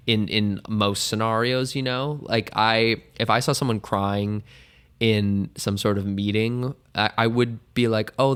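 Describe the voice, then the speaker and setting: A man with a fairly low voice talks through listener questions on his own podcast. His advice is casual, candid and a bit rambling, and he often jokes at his own expense. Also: vocal fry, a bit bright. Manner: candid, rambling, self-mocking, with frequent restarts.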